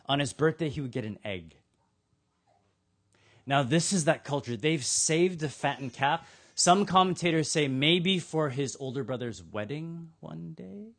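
Animated male preacher telling a parable. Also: fairly high pitch, a little slow. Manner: animated storytelling, acting out characters. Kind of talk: sermon.

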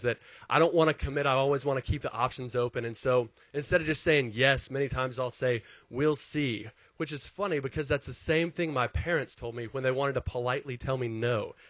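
A male pastor preaching in a relaxed, conversational way, with a voice sitting in an ordinary middle pitch. He tells personal stories with animated, self-deprecating humor, and the sound is close and dry, with no room echo. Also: brisk, few pauses. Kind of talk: conversational sermon with personal storytelling.

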